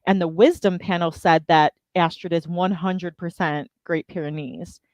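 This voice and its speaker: A woman's voice: fairly low pitch, moderate pace, no echo. A woman hosting a writing livestream, chatting casually and laughing often. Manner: giggly, animated, laughs often. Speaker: livestream host.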